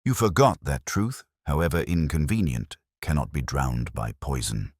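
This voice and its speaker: A man playing a Victorian detective who speaks in a cold, cutting, measured way. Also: very deep voice, lively intonation, darkish tone, no room sound, clean studio sound. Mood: accusing.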